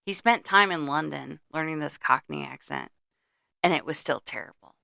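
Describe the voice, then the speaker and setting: A woman's voice: low voice, wildly swooping pitch, moderate pace, vocal fry, pushed and bright, dry recording, clean studio sound. A middle-aged woman co-hosting a podcast, recapping a movie's plot in blunt casual chat and swearing freely. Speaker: podcast co-host.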